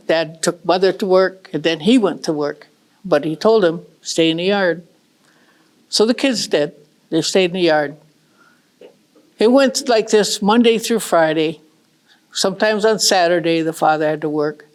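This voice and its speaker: Woman storyteller, gentle and unhurried, traditional oral telling, plain repetitive phrasing. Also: on the low side.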